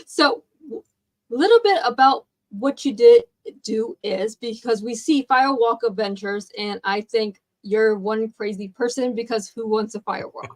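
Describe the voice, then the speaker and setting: A woman's voice: on the high side, normal speed. Woman hosting an interview. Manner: brief reactions, short questions. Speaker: radio show host. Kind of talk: interview chat.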